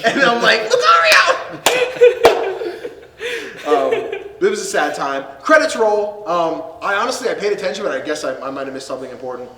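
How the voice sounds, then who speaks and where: A man hosts a podcast, with a slightly high voice that recaps a movie in a loose, laughing way. He acts out lines from the story. The sound is distant and roomy, with a faint hiss underneath. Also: lively intonation, quick pace, hardly any pauses, fairly bright tone. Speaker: podcast host. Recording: echoey room, far from mic, faint noise.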